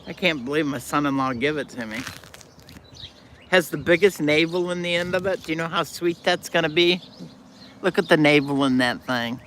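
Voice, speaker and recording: A woman's voice: low voice, moderate pace, fairly bright tone, a little hiss or hum. An older woman hosting a live stream, chatting casually with viewers in a blunt, folksy way while she eats.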